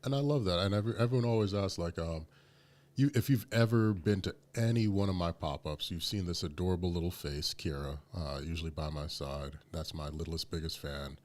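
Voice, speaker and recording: A man's voice: sits low, a little fast, darkish tone. A man co-hosting a podcast, talking casually and emphatically with many fillers. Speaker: podcast co-host.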